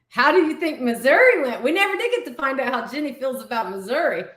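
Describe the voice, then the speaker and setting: A woman with a fairly high voice chats and reacts freely in an easy back-and-forth. She is a paranormal investigator talking about a hunt. Her voice rings out in a roomy, echoing space. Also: animated, normal speed, fairly bright tone. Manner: chatty, reactive. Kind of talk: casual chat. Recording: roomy echo.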